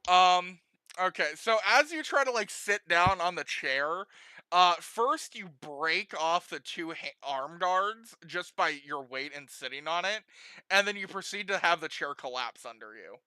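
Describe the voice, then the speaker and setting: Young male game master, high lively voice, giggly and rambling. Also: measured pace, smooth, no room sound. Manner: giggly, rambling with many restarts. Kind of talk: narrating a homebrew tabletop game.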